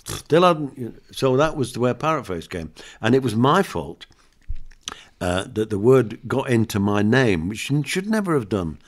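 A man's voice: mid-range voice, very animated, a little slow. An older man, a comedian guest, chatting in an interview and telling anecdotes and jokes with frequent laughs. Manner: chatty storyteller, laughs often, acts out jokes.

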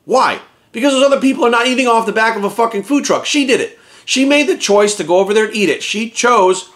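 A man's voice: very high voice, expressive, quick pace, a bit bright. A middle-aged man and fitness coach ranting to his viewers in blunt, profane, exasperated commentary.

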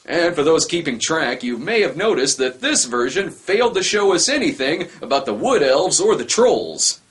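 A man's voice: fairly high pitch, very animated, normal speed, a bit bright, husky. A man giving sarcastic, wisecracking comedic commentary on a movie he is reviewing. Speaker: film review host.

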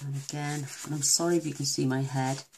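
A woman's voice: very deep voice, steady tone, fast, a little mellow, slight background noise. A woman from the UK demonstrating a papercraft project step by step, chatty and affectionate as she works. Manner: chatty and affectionate, talks while working. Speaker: craft demonstrator. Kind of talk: casual crafting tutorial.

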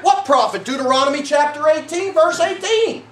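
A man's voice: very high-pitched, moderate pace, fairly bright tone, a little hiss or hum. A middle-aged man preaching a sermon as pastor, rambling and correcting himself with many fillers. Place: church sanctuary. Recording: roomy church sound from a distant mic.

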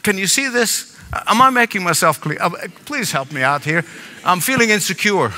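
Older preacher man, lively, hall reverb. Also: high-pitched, moderate pace, a little hiss or hum. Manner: emphatic preaching with repetition and asides. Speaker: pastor. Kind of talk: sermon. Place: large church sanctuary.

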